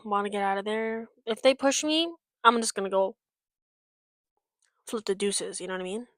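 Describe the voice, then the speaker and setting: A woman's voice: medium pitch, normal speed, dry recording. A young woman from the United States chatting casually in a vlog, rambling and frank, swearing often with lots of fillers. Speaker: vlogger. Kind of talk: casual chat.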